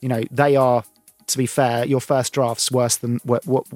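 A man with an English accent playing a pompous, quick-tempered breakfast radio sports host in a sitcom. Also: mid-range voice, level tone, a little mellow, no echo, soft background music, lightly acted. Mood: grumbling. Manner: blustery, swears freely. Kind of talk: scripted sitcom radio banter.

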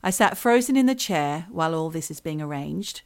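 A middle-aged woman co-hosting a casual chat, reading out a listener's story with lively swearing. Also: low voice, normal speed. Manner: expressive storyteller, swears freely. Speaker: podcast co-host.

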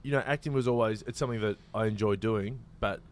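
A laid-back Australian man in his thirties chats casually as a guest. His voice sits a little low, and he rambles along with lots of ums and restarts. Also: fast. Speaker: comedian and actor, guest. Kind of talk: casual chat.

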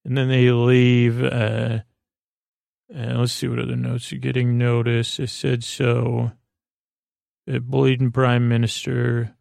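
A man recaps an episode for a sleep podcast, wandering through it with constant fillers and restarts. His voice stays flat and level, with a gravelly fry. The sound is close and dry. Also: medium pitch, dry recording. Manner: meandering, halting, full of fillers and restarts. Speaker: podcast host.

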